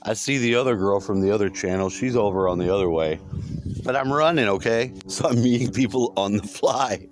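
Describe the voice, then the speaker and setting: A man whose voice is on the low side talks a little fast while telling a long dream in his vlog. It is a casual, meandering monologue in which he swears often and repeats himself.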